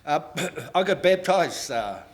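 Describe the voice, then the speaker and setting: A man in his sixties with a New Zealand accent, giving a humorous, animated keynote speech full of stories and laughter. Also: on the high side, takes it slowly. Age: 60s. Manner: animated, joking, laughs often. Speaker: keynote speaker.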